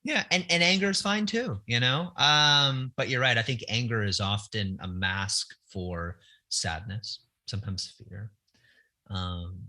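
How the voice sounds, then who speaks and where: Candid, husky-voiced man reflecting. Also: fairly low pitch, bright, forceful tone. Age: middle-aged. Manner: candid, searching, frequent restarts. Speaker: guest author. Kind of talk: reflective podcast conversation.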